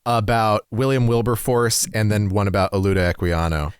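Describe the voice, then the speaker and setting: A man's voice: fairly low pitch, normal speed, smooth, no room sound, clean studio sound. A man co-hosting a podcast, chatting casually and recapping a story with frequent laughs. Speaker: podcast co-host.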